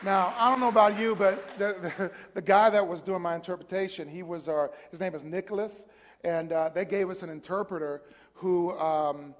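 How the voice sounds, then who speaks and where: A man's voice: high voice, steady tone, normal speed. A pastor chatting and telling stories animatedly, often stumbling over his words. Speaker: pastor, co-host. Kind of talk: casual chat, storytelling. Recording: long hall reverb.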